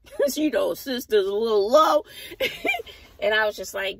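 A woman's voice: mid-range voice, measured pace, creaky, no echo, rough recording. A woman, a teacher, casually telling a story to her camera while sitting in her car, acting out what people said. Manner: animated storyteller, acts out quotes. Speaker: vlogger, schoolteacher.

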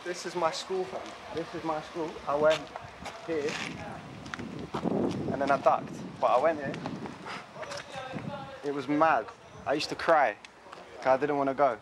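A man from Poland, chatting animatedly with lots of slang while walking through his childhood neighbourhood. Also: a little high. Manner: animated, slangy, quick to laugh. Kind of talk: casual walking tour chat. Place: outdoors on city streets. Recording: street noise and traffic outdoors.

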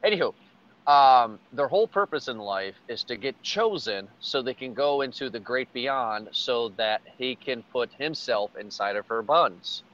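A man hosting a casual podcast chat, talking excitedly, swearing freely and laughing often. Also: mid-range voice, a little slow, muffled recording. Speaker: podcast host.

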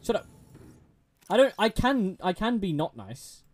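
A man's voice: sits high, big pitch swings, normal speed, a little mellow. A young man streaming a game, chatting to a friend, giggling and stumbling over restarts. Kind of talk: casual gameplay chat with a friend.

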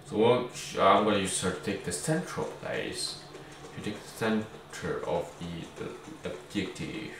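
A man's voice: sits low, expressive, a little slow. A man giving casual, rambling let's-play commentary, joking and correcting himself, recorded on a mic far from him. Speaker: gaming YouTuber. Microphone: far from the speaker. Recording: very echoey, distant mic, faint noise.

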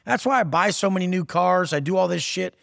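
A man's voice: high voice, expressive, fairly quick, gravelly, a bit bright, no room sound, studio quality, big-room sound. A man giving a profane, aggressive motivational rant as a podcast guest, taunting and blunt.

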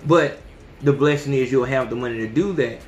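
A man's voice: medium pitch, a little fast, reverberant, soft background music. Blunt, profane man in his thirties. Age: 30s. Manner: blunt, profane, preachy street talk. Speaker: podcast host. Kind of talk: casual monologue.

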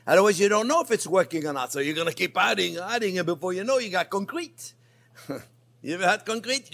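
An older man with a French accent, a chef chatting warmly through a cooking demonstration and calling viewers his friends. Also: high voice, expressive, fast talker, creaky. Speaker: chef host.

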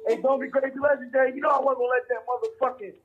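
A man's voice: extremely high pitch, flat delivery, rapid-fire, narrow, tinny audio. A man calling into a radio talk show, brash and profane, repeating himself. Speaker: caller. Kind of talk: profane call-in rant.

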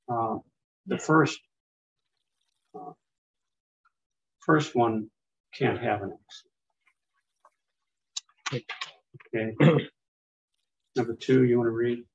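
A man leading a small class in biblical Greek, patiently explaining and pronouncing words for students to repeat. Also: mid-range voice. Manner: patient, explains with fillers and restarts. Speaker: Greek teacher. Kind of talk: classroom teaching. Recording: dull lo-fi classroom recording.

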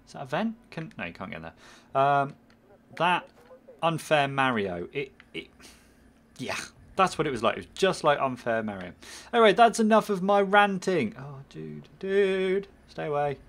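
A man's voice: on the high side, very animated, normal speed, fairly bright tone. A man commentating his own game playthrough, rambling and self-mocking, muttering at the game as he plays. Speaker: gaming channel host. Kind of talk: let's play commentary.

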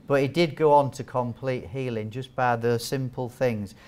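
A man with a mid-range, slightly mellow voice and fairly even intonation speaks at normal speed, with slight background noise. He's a wound care trainer addressing nurses live in a training hall, chatting, joking, and quizzing them.

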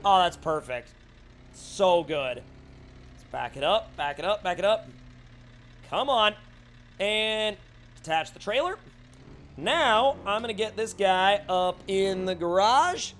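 A young male streamer talks casually over his gameplay, reading out chat messages and answering them. His voice sits fairly high for a man. The talk is loose and chatty, full of fillers. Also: fairly bright tone, slight background noise. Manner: chatty, reads chat aloud, many fillers. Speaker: gaming livestreamer. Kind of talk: casual live gameplay commentary.

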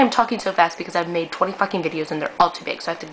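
A woman's voice: lowish voice, rapid-fire, hardly any pauses, a bit bright, a little hiss or hum, rough recording. A woman in her twenties recording a brash, profane, self-mocking audition video for a reality show. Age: 20s.

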